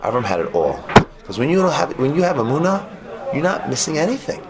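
A man giving an animated sermon on faith, repeating his points and telling stories to a live audience. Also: medium pitch, quick pace, heavy background noise. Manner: animated, repetitive, storytelling preacher. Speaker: Torah teacher.

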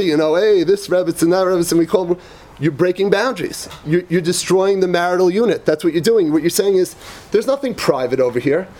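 A rabbi with a notably high voice lectures yeshiva students with emphatic, repetitive conviction. He weaves personal anecdotes into his teaching and sprinkles Hebrew and Yiddish terms through his English. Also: a little mellow. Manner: emphatic, repeats phrases, tells personal anecdotes.

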